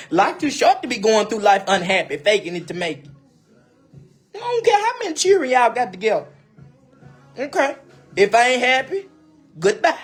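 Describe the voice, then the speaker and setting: This livestreamer has a fairly high voice with a breathy edge. Talking directly to her audience in a relaxed monologue, she preaches emphatic advice, says things over again, and addresses viewers as "baby."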